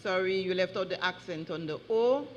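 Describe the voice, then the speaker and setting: A woman reading out words slowly and deliberately as a spelling bee pronouncer, correcting wrong spellings. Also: on the low side, muffled recording, slight background noise. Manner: slow and deliberate, drawing out each word. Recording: long hall reverb.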